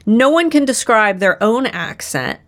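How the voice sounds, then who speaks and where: A young woman with a Midwestern American accent, co-hosting a podcast in relaxed, chatty talk. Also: on the high side, measured pace. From United States. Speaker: podcast co-host. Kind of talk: casual chat.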